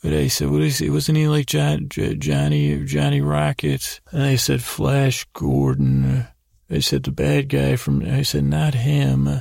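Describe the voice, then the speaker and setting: A man with a deeply gravelly, fry-laden voice wanders through an improvised bedtime story, circling back and repeating "I said" as he trails off. His delivery is low-key and drowsy, and the sound is close and dry, with no room around it. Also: moderate pace, few pauses, darkish tone, dry recording. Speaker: podcast host. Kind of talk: rambling improvised sleep story.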